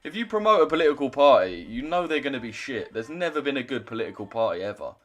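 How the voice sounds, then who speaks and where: A man's voice: medium pitch, sing-song, quick pace. A young man chatting casually on a trading livestream, loose and chatty, swearing now and then as he reads out chat.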